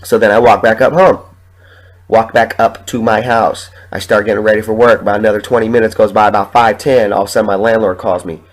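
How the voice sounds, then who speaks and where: Quick-paced and fairly even in intonation, a lowish-voiced man hosts a podcast while sick, coughing from a sore chest. He delivers a casual ranting monologue of heated, profanity-filled stories over poor audio.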